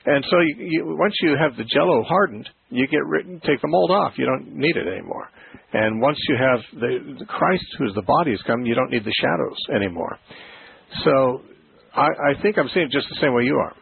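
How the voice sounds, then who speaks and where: A man hosting a call-in Bible radio show, explaining ideas slowly and thoughtfully with frequent restarts. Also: mid-range voice, lively intonation, vocal fry, slightly rough. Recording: phone-like narrow radio sound.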